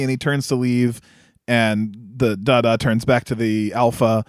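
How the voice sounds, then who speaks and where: A man's voice: medium pitch, little pitch movement, moderate pace, no echo, studio quality. A man co-hosting a podcast, casually recapping a movie, laughing often, swearing and acting out the characters' lines. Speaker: podcast co-host.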